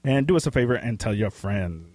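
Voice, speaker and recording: A man co-hosting a casual pop-culture podcast. He talks in a rambling, excitable way with casual swearing, and his voice is getting hoarse. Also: on the low side, a little fast. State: losing his voice. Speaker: podcast co-host. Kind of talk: casual chat.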